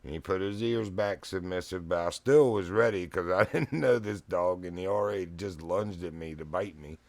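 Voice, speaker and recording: A man's voice: deep voice, normal speed, a little mellow, dry recording. A middle-aged man telling a rambling, folksy story at home, often laughing. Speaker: streamer. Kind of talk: casual storytelling chat. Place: home living room. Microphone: streaming mic.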